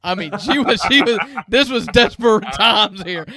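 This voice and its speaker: A man, co-hosting a sports podcast and telling stories in an animated way with frequent chuckles. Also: sits high, moderate pace, crowd noise. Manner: animated storyteller, chuckles often. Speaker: sports show co-host. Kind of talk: casual podcast chat.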